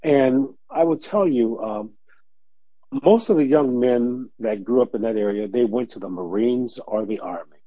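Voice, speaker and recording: With a mid-range voice and a slightly slow pace, an older former policeman from Detroit, USA, shares interview stories, acting out quoted voices and laughing often. The dull lo-fi recording has no room sound.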